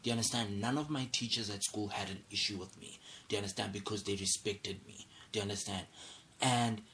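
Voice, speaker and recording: A man's voice: lowish voice, fairly quick, sharp tone, a little hiss or hum. A young man hosting a solo podcast, angry and agitated, asking "do you understand" over and over. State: angry, irate. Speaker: podcast host.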